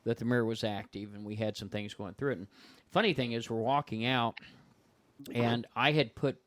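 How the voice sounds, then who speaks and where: A man in casual conversation as a podcast guest, telling a story in an animated way and acting out the other people's lines in their voices. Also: medium pitch, normal speed, dry recording. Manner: animated, acts out dialogue in voices.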